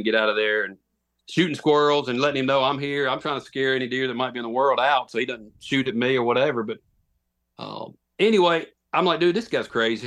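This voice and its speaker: A man's voice: mid-range voice, fairly bright tone. Man, thirties, rambling storyteller, lots of restarts, easygoing podcast guest. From Tennessee. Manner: rambling, self-deprecating, many restarts. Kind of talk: casual storytelling.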